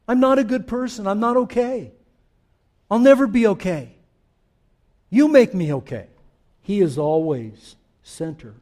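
High-voiced pastor preaching with humor. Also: male voice, lively intonation, a little slow, pauses often. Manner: conversational, joking asides to the congregation; swings from quiet reflection to emphatic declarations. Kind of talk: sermon.

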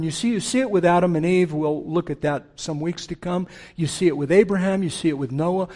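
A middle-aged man delivers a sermon in a fairly high voice. He preaches earnestly, letting his voice sink to a near hush when quoting tender words and climbing with force when he argues. The delivery swings between intimate and emphatic. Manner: earnest preaching with soft hushed quotes and forceful rises. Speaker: pastor.

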